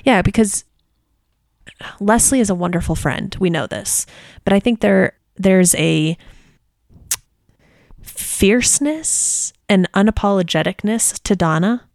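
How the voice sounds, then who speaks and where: A woman's voice: mid-range voice, lively intonation, unhurried, creaky, long pauses, a little mellow, dry recording, clean studio sound. A woman co-hosting a podcast, chatting casually and reflectively with frequent agreeing murmurs. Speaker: podcast co-host. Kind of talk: casual chat.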